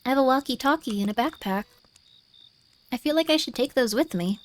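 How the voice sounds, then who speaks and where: A woman's voice: high voice, animated, fairly quick. A woman streaming a game live, chatting playfully and reading the on-screen text aloud. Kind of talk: live-streamed gameplay commentary.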